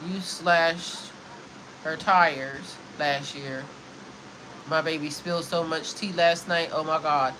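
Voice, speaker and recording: A woman's voice: low voice, steady tone, takes it slowly, a bit bright, a little hiss or hum, poor audio. A woman spiritual coach in a heated, profane, emphatic livestream rant.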